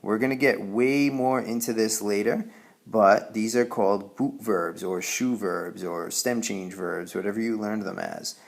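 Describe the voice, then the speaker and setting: Male Spanish teacher, low gravelly voice, patient explainer who keeps asking "okay?". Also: measured pace. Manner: patient, repeats "okay?" to check understanding. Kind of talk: classroom grammar lesson.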